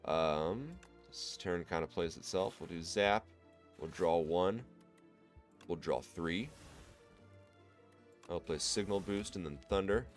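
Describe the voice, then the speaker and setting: A man with a Midwestern accent, casually commenting on his own card game run and thinking out loud to viewers. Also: deep voice, takes it slowly, long pauses, faint music behind. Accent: American Midwest. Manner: thinks aloud, explains card choices to viewers. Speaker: gameplay commentator. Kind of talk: relaxed let's-play commentary.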